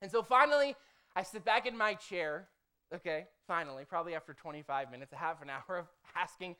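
Smooth-voiced pastor preaching conversationally. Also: medium pitch, fairly quick. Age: adult, formerly a motivational speaker. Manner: conversational, punctuates with "okay?" and "right?"; lively storytelling, acts out own quoted prayers. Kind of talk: sermon with a story.

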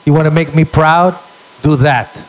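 A man imitating his gruff, blunt middle-aged father, who scolds in a harsh, profane way. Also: a little high, fairly even intonation, measured pace, close to an everyday voice, low-quality recording. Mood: scolding.

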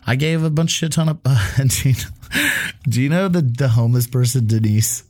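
A man's voice: medium pitch, a little fast, a little mellow, husky. A man co-hosting a casual chat show, telling rambling, profane stories and acting out what people said. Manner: rambling, profane, laughs through stories, acts out quotes. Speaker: podcast co-host.

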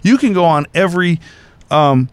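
A man's voice: fairly high pitch, expressive, moderate pace, smooth, no room sound. A man co-hosting a casual chat, talking with emphatic enthusiasm and explaining at length. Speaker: co-host.

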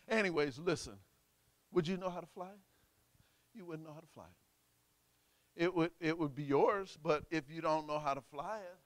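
A man preaching a call-and-response sermon, prompting the congregation and bursting into shouts. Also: on the high side, dry recording, clean studio sound.

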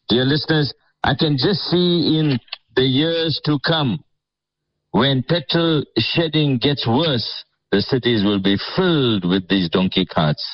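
Sarcastic radio commentator, mid-pitched man, chuckles often, slightly muffled audio. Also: unhurried. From South Africa. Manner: sarcastic, chuckling, mock-enthusiastic.

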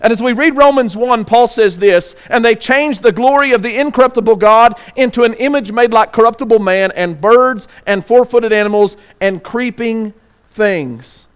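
Pastor with a high voice, preaching and questioning his listeners. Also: clear, resonant tone. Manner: reads scripture aloud slowly. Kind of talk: sermon.

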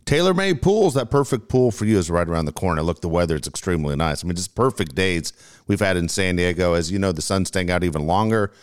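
A man does live sponsor reads on a radio show, upbeat and repeating phone numbers slowly. His voice sits low and sounds smooth and resonant. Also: expressive.

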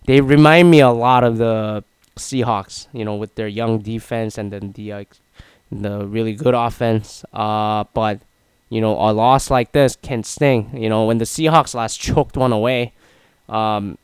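A man's voice: fairly low pitch, fairly even intonation, unhurried, clean tone, no echo, rough recording. A man in his twenties rambling through an opinionated casual monologue, full of fillers. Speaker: sports commentator.

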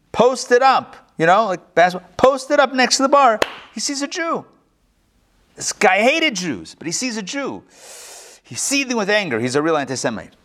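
A man who is a rabbi, teaching a live class and telling jokes with lively, animated voices for the characters. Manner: animated storyteller, acts out joke characters with big pitch swings. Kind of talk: live lecture with joke-telling. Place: synagogue classroom, recorded live before an audience.

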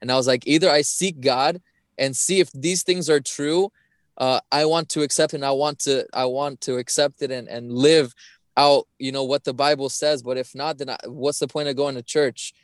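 Young man, earnest testimony, restarts phrases, mid pitch, dry recording. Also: fairly even intonation, normal speed, dry recording. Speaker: podcast guest. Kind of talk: personal testimony.

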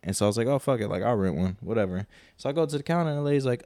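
A man's voice: mid-range voice, very fast, dark tone, no room sound. A man co-hosting a podcast, telling a long, profane story in a casual, rambling way and quoting people as he goes. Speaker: podcast co-host.

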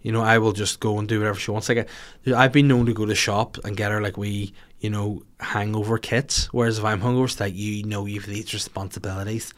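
A man's voice: fairly low pitch, steady tone, fast talker. A man in his thirties with a Northern Irish accent, hosting a podcast with a sweary, rambling, self-mocking comic rant. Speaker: podcast host.

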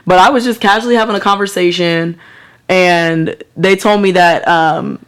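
A woman's voice: lowish voice, normal speed, smooth. A woman co-hosting a podcast, chatting casually, swearing a lot and doing voices when she tells stories. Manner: swearing, animated storytelling with put-on voices. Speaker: podcast co-host. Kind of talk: casual chat.

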